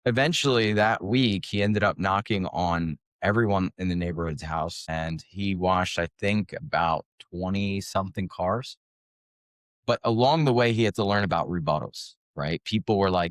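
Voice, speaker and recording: A man in his forties, a podcast guest, talking casually with lots of fillers and lively anecdotes. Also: low-pitched, normal speed, dry recording, studio quality. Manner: conversational, animated anecdotes, many fillers. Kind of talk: casual interview talk.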